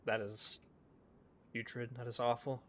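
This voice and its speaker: A man's voice: medium pitch, flat delivery, a little slow. A man streaming a role-play game, chatting casually in a rambling, self-deprecating way, often mumbling. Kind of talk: casual gaming chat. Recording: noisy background.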